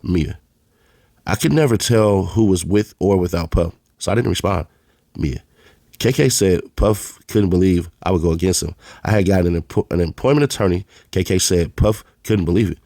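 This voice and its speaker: A man's voice: low voice, expressive, normal speed, vocal fry, dark tone, no room sound, clean studio sound. A man reading a trial transcript aloud, announcing each speaker's label before their lines in a plain read-aloud manner. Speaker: channel host reading court testimony.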